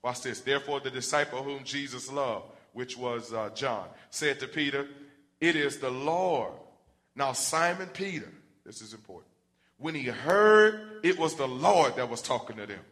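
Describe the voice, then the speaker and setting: Animated preacher man with a bright voice. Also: normal speed. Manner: animated, acts out Bible characters with rising pitch and volume. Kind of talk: sermon.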